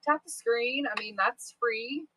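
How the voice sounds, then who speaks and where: Bright, chatty woman livestream seller. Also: a little high, measured pace, low-quality recording. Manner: chatty, candid, swears, wanders off topic. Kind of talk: casual livestream chat.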